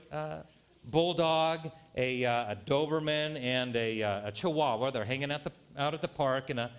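Animated man preaching a sermon. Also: medium pitch, clear, resonant tone. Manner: animated, joking, jumps to loud punchlines. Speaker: pastor. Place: church sanctuary.

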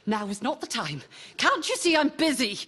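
A man's voice: very high-pitched, sing-song, normal speed, sharp tone, breathy edge, voice pushed up, exaggerated voice. A man doing an exasperated scolding prime minister. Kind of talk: stand-up comedy impression. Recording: noisy live radio recording.

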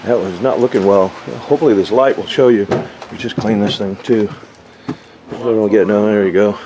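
A man's voice: lowish voice, steady tone, normal speed, noisy background. A man giving a casual, rambling job-site walkthrough of an RV roof repair, with lots of fillers. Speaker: RV roof installer.

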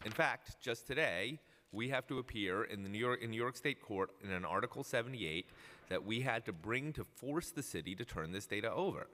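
Man, fairly low pitch, bright tone, reads firm testimony in a reverberant hall. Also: expressive. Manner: firm, measured, argumentative. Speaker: union representative testifying. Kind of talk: reading prepared testimony. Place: council chambers at city hall. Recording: council chamber, long reverb.

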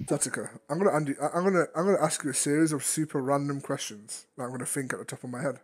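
A man's voice: a little high, rapid-fire, hardly any pauses. A man hosting a casual VR game chat, playful and teasing as he fires off questions. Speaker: host.

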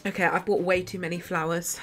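Speaking fairly quickly with a fairly low pitch and level tone, a young woman livestreams gameplay from her bedroom over a noisy background. She chats casually, giggles often, and talks to herself while playing.

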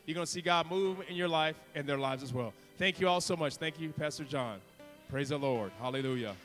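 A man preaching a fervent altar call as a guest preacher, swinging between loud exhortation and hushed asides. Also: medium pitch, animated, brisk. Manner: fervent, preaching with sudden whispers and shouts. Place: church sanctuary. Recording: reverberant church hall with music.

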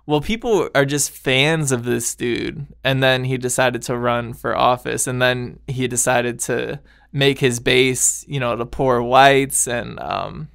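Gravelly-voiced man rambling on his podcast. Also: medium pitch, steady tone, slow pace, fairly bright tone, no echo, studio quality. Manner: rambling, loose, laughs often, trails off mid-thought. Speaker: podcast host. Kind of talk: casual solo chat.

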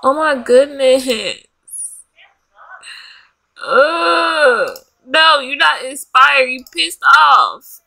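Woman gamer host, high and bright, unhurried let's-play commentary, dramatic and bossy toward the characters. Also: lively intonation, vocal fry. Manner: dramatic, bossing and scolding the game characters. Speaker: gaming channel host. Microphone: desk USB microphone.

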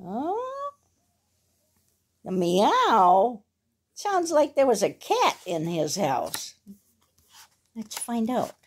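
A woman's voice: on the high side, very animated, extremely slow, pauses often, slightly rough. A woman reading a bedtime picture book aloud at home, stopping for chatty asides to her dog. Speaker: reader of a children's picture book.

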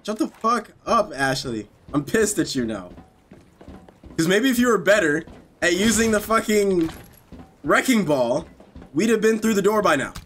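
A man streaming a horror game, reacting with loud, swearing outbursts and sarcastic commentary. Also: high-pitched, very animated, moderate pace, slight background noise. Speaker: gameplay streamer. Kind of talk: excitable let's-play commentary.

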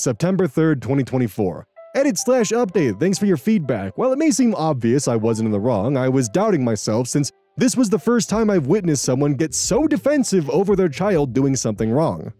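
A man's voice: a little high, dark tone. A man hosting a channel where he reads out Reddit posts and adds earnest, reflective commentary. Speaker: host reading Reddit posts. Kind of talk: narrating and commenting on Reddit stories.

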